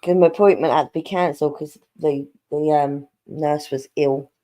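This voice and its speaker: A woman's voice: sits low, fairly even intonation, normal speed, mellow. A middle-aged woman hosting a casual stream chat, laughing often, swearing and reading viewer comments aloud.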